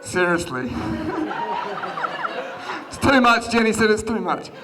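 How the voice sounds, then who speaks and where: Speaking at a measured pace, the Australian groom in his thirties has a high, expressive voice as he chats through a self-deprecating wedding speech full of laughter. The background is noisy with guests chattering in the large hall.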